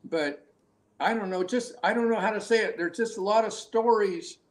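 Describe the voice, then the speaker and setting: A man's voice: high-pitched, moderate pace. An older man, a hunting guide, telling rambling stories in a casual interview, with many restarts and frequent laughter.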